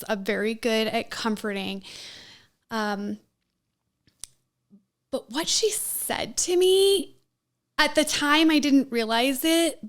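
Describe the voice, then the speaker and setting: A woman telling her personal story as a podcast guest, emotional and given to laughing, with many fillers. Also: on the high side.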